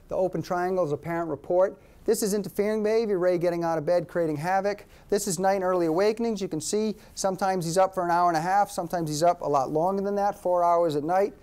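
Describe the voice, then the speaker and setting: A man presenting a workshop lecture to an audience, an animated storyteller who repeats key points for emphasis. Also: sits high.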